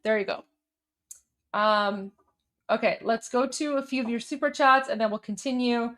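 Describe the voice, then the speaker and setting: A woman's voice: on the high side, normal speed, fairly bright tone. Woman livestream host, casual political commentary, chatty with emphatic bursts. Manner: chatty, repeats words and restarts while coaching pronunciation; emphatic, insistent when arguing.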